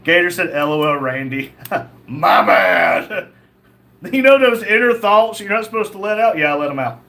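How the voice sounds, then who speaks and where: Reading chat comments aloud on a casual livestream, this male host answers them with blunt, crude jokes. His voice is high-pitched and a little bright.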